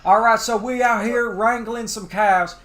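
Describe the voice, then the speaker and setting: A man's voice: sits high, fairly even intonation, measured pace, a bit bright, voice pushed up. A man putting on a Southern accent to voice a folksy cowboy wrangling cows, joking as he drawls along. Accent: put-on Southern US.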